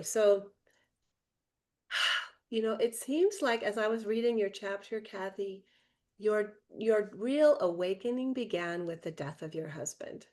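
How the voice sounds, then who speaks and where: Host: woman on a video call, mid-pitched, reads a guest intro, then interviews with affirming murmurs. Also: a little slow. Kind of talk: interview hosting.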